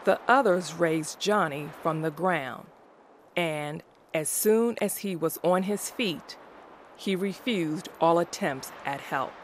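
A woman reading a story aloud in a slow, even, careful way. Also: lowish voice, a little hiss or hum. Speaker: narrator.

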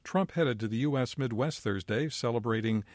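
A man reading a scripted world news bulletin as the anchor, in a measured, even newsreader delivery. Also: medium pitch, dry recording.

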